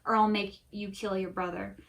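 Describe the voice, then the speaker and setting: A woman reading as a male god villain, mocking and impatient, snapping at the heroes in frustration. His lines land a touch louder than the narration around them. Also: mid-range voice, level tone, moderate pace, gravelly, slight background noise. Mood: taunting.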